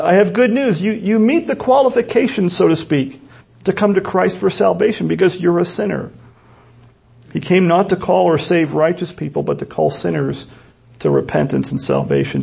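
A man's voice: sits high, creaky, a little mellow, husky. A man preaching a sermon in an earnest, emphatic way, often repeating key words for stress. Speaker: pastor.

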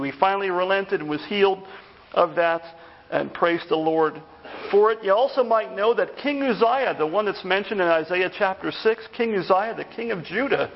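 High, gravelly-voiced pastor preaching. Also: male voice, muffled recording. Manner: conversational, animated when retelling stories. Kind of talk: evening sermon. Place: church.

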